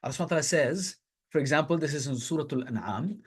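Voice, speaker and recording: A man's voice: on the high side, lively intonation, rapid-fire, slightly rough. A man teaching a Quran lesson to listeners, explaining the verses step by step in a conversational way and reciting them in Arabic. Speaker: Islamic teacher.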